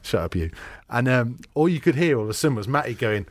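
A middle-aged man hosting a podcast, telling stories in an animated, laughing way. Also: mid-range voice, a little fast, hardly any pauses. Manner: animated storyteller, laughs often. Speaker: podcast host. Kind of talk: casual podcast chat.

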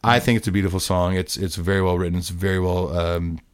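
A man's voice: low voice, quick pace, clean tone, no echo. A man co-hosting a podcast, talking casually with lots of fillers and restarts. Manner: relaxed, rambling with restarts and fillers. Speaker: podcast co-host. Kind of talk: casual chat.

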